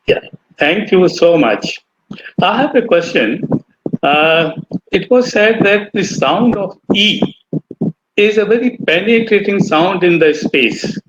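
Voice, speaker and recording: A middle-aged man asks a question on a call, speaking slowly and deliberately. His voice is high for a man, and clear noise runs underneath it. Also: expressive, highs cut off. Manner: slow, deliberate. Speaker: audience member asking a question. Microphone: video call. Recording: noisy call line.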